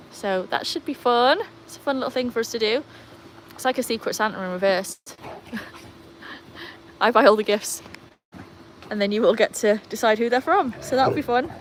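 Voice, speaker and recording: A woman's voice: medium pitch, moderate pace, long pauses, slight background noise. A woman hosting a casual livestream in her garden, chatting to viewers while fussing over her dogs. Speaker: livestream host. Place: outdoor garden.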